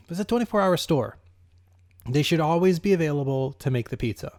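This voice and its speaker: A man's voice: fairly high pitch, lively intonation, moderate pace, darkish tone. A young man co-hosting a podcast, telling a long everyday story in casual chat and drifting into side details. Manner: rambling storyteller, going off on tangents. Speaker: podcast co-host.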